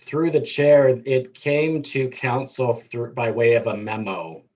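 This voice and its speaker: A man on city staff answering councillors' questions, halting with many fillers. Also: mid-range voice, a little mellow, muffled recording.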